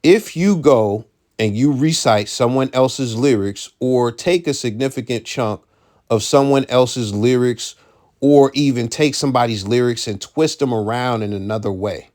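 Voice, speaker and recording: A man's voice: medium pitch, darkish tone. A man giving casual commentary, blunt and profane, who repeats his key points for emphasis.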